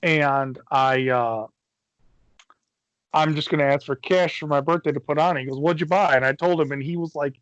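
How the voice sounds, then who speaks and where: A man's voice: on the high side, steady tone, moderate pace, fairly bright tone, dry recording, lo-fi sound. A middle-aged man from Michigan, co-hosting a podcast and telling a long rambling story in casual chat, swearing freely and acting out what people said. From Michigan, USA. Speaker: podcast co-host.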